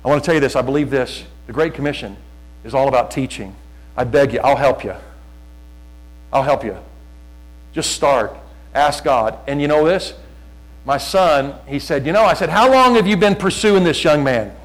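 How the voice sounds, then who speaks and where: A middle-aged man, a pastor, preaching in a conversational storytelling way, telling anecdotes with jokes and swinging between quiet asides and loud urging. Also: mid-range voice, moderate pace, long pauses, poor audio. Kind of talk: sermon.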